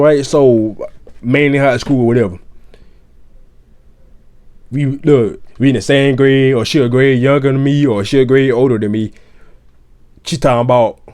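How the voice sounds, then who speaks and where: Rambling, animated male commentator. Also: mid-range voice. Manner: animated, rambling, repeats himself, swears a lot. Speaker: reaction commentator. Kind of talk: casual profane commentary.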